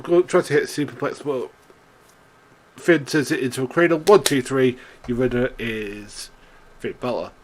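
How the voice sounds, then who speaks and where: A young man giving a casual, rambling wrestling recap, often laughing and swearing, with lots of fillers and restarts. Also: mid-range voice. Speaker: wrestling show reviewer.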